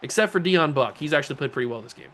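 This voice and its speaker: A man's voice: a little high, racing. Joking man narrating his own gameplay. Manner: joking, self-talking, swings between mutter and excited yells. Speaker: gaming channel host. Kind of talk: video game play-by-play commentary.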